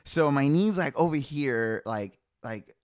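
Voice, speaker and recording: A young man hosting a podcast, telling a story in a loose, animated way, laughing often and leaning on filler words. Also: mid-range voice, a little slow, dry recording, clean studio sound. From Hispanic family background. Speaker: podcast host. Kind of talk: casual storytelling chat.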